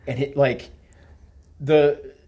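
A man's voice: medium pitch, very slow, slightly rough. A middle-aged man hosting a podcast, telling a story casually with lots of swearing and acting out the dialogue. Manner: profane, animated storyteller who acts out quoted dialogue. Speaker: podcast host.

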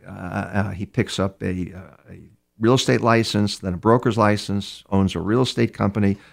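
An older man from New York tells a long story in an interview. His voice sits low and gravelly. He talks bluntly and often restarts, acting out the voices of the people in the story. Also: steady tone, normal speed. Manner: blunt, restarts often, acts out quoted dialogue. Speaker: criminal profiler, guest.

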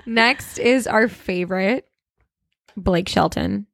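A bubbly young woman co-hosting a podcast, gushing and laughing as she chats. Her mid-pitched voice has a gravelly, fry-heavy edge. The recording is dry, close on the mic. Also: moderate pace, dry recording. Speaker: podcast co-host. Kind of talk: casual chat.

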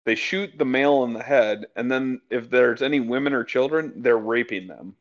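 Male podcast co-host, hesitant delivery, slightly muffled lo-fi sound. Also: mid-range voice. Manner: halting, lots of ums and restarts. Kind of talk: casual political chat.

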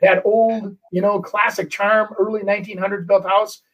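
A middle-aged man, a real estate agent, telling a story in casual chat, animated and full of restarts. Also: high voice, normal speed, recorded from a distance, highs cut off. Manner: animated, acts out quotes, many restarts.

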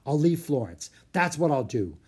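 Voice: mid-range voice, big pitch swings, moderate pace, darkish tone, breathy edge. A reader doing a moody, anguished genius. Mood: brooding. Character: moody proud middle-aged male genius. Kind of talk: audiobook character voice.

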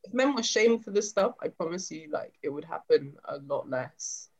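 A woman's voice: deep voice, animated, moderate pace. A young woman telling a story in casual chat, acting out other people's voices. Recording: slightly dull lo-fi sound.

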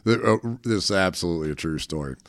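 Low smooth-voiced guy telling a funny story on himself, dry close mic. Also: fast, no room sound. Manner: animated self-deprecating storyteller. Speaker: guest, football analyst. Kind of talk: casual storytelling interview.

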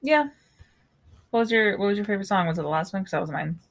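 A woman co-hosting a podcast, recapping an episode in casual chat, animated and laughing often. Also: medium pitch, fast. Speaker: podcast co-host.

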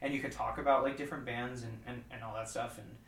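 A relaxed man talking in a casual podcast chat, circling his point through restarts and fillers. His voice sounds roomy and set back from the microphone, with noticeable room echo. His pitch sits at a typical middle male level. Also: fast talker. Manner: rambling, hesitant, many fillers and restarts, laid-back. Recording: roomy sound from a distance off the mic.

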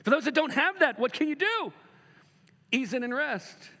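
Animated high-voiced male pastor preaching. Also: in a large hall. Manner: animated, swings from loud emphatic to soft and slow. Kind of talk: sermon.

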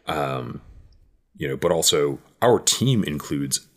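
Man with a very deep voice, rambling thoughtfully. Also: animated, takes it slowly, fairly bright tone. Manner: rambling, thoughtful, many "um" and "you know". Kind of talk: casual chat.

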